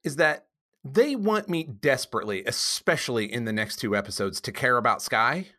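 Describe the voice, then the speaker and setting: A woman chatting on a podcast with a strikingly deep, low voice. Her intonation moves up and down in a lively way as she drops dry, wry comments into the conversation. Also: normal speed. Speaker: podcast co-host. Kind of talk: casual chat reviewing a TV episode.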